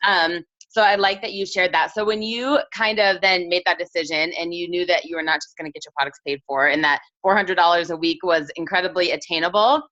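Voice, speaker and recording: A woman's voice: fairly low pitch, steady tone, brisk, few pauses, highs cut off. A woman hosting a training call who speaks enthusiastically and asks questions with lots of fillers. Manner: enthusiastic, warm praise, many fillers. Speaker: host of a team training call. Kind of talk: casual interview.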